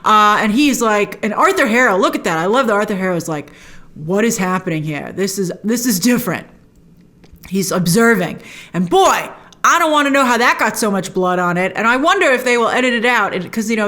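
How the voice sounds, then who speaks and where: A woman hosting a casual TV episode review, animated and quick to act out lines from the scenes in put-on voices. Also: mid-range voice. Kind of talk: casual chat.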